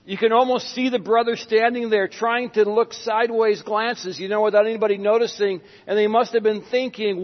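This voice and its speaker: A man preaching a sermon as pastor, dramatic, with sudden hushed drops and acted-out Bible scenes. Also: high voice, steady tone, normal speed, hardly any pauses. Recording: dull sound with long hall reverb.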